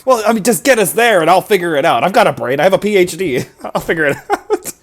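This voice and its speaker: A man's voice: sits high, animated, quick pace, a little hiss or hum. A man playing a tabletop game, joking and laughing as he talks. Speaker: player. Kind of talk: casual tabletop play.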